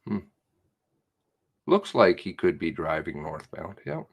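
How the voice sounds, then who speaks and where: A man's voice: sits low, sing-song, slow pace, vocal fry. A man giving rambling, profane commentary while reading through material, muttering to himself and then flaring up. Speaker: independent online investigator.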